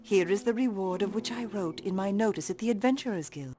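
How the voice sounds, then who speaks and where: A woman voicing a gentle, grateful young cat-woman villager in a video game, speaking with formal, old-fashioned politeness. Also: medium pitch, fairly quick, faint music behind, lightly acted.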